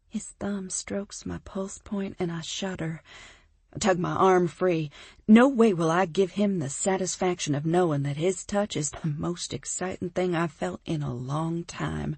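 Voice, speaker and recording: A woman narrating a first-person romance audiobook, expressive and emphatic in the heroine's lines. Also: on the low side, a little slow, vocal fry, breathy edge, no echo.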